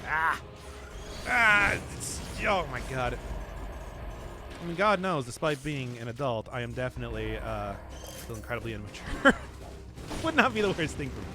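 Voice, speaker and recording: A man's voice: mid-range voice, sing-song, moderate pace, pauses often, noisy background. A man chatting casually to his viewers while playing a game, rambling and chuckling often as he answers chat. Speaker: streamer. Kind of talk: casual live-stream commentary while gaming.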